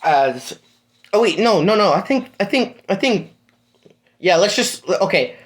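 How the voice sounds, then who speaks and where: A man's voice: sits high, very animated, measured pace. Rambling young man telling a story. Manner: rambling, full of fillers and swearing. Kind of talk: casual improvised fan-fiction storytelling.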